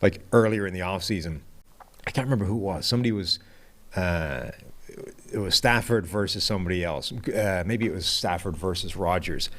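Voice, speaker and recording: Deep-voiced man with dry asides. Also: a little fast, fairly bright tone. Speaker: podcast co-host. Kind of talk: casual sports podcast chat.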